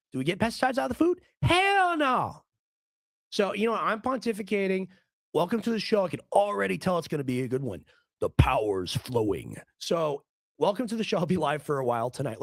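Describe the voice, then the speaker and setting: A hoarse man hosting a live political stream, ranting in a rambling, heated way and often repeating his words. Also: high-pitched, no echo. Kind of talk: casual ranting commentary stream.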